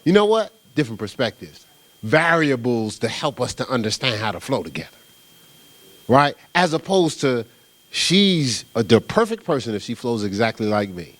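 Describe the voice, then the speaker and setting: Animated middle-aged male pastor. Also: medium pitch, moderate pace, no echo. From New Jersey. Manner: animated storytelling, casual and conversational, with repeated "right?". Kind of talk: sermon.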